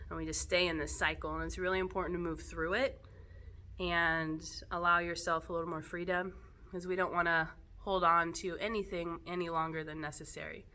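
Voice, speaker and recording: Bright-voiced woman teacher, gentle and reflective. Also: lowish voice, a little hiss or hum. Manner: gentle, reflective, laughs softly now and then. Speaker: yoga teacher. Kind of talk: casual spoken talk to students.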